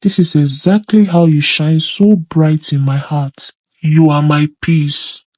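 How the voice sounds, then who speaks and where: A man playing a smooth-talking young con man with a Nigerian accent, pleading and sweet-talking in a storybook drama. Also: a little high, steady tone, slow, a little mellow, no room sound, rough recording.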